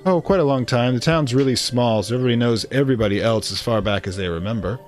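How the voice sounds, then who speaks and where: A man's voice: medium pitch, fast talker, soft background music, close to an everyday voice. A man voicing a prickly older woman who was an old rival of the aunt, speaking in a genteel, gossipy and slightly haughty way. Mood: fond.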